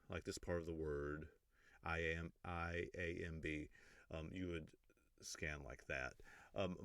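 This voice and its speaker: Casual English teacher, male, very low voice, rambling but pedantic explainer. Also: gravelly, no room sound. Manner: pedantic but relaxed, many ums and restarts. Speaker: English teacher and music reaction host.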